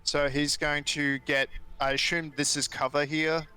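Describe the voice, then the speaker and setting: A man's voice: on the high side, flat delivery, unhurried, bright, forceful tone, clear, resonant tone. A man taking his turn in a casual tabletop game, matter-of-fact and slightly frustrated. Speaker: player.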